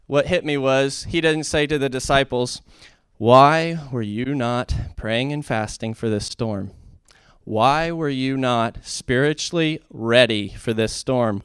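A man preaching in a relaxed, conversational way, his voice smooth and clear with a close, dry sound. He builds to fervent emphasis on key points and restarts phrases as he goes. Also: mid-range voice, slow pace, dry recording. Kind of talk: informal sermon.

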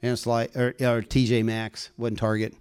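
A man's medium-pitched, darkish, smooth voice comes at normal speed with a completely flat delivery. He preaches a conversational sermon, telling earnest, folksy personal stories that build to fervent exhortation.

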